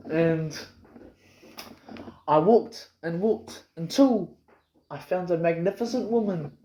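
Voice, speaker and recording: A man's voice: high-pitched, darkish tone. A man improvising a rambling, boastful, absurd comic story, recorded in an echoey room. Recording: roomy echo with faint noise.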